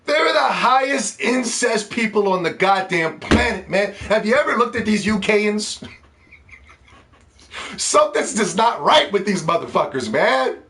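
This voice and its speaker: A man delivering a loud, profane, mocking rant as a gaming commentator. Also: sits high, expressive, a little slow, slight background noise. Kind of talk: ranting video commentary.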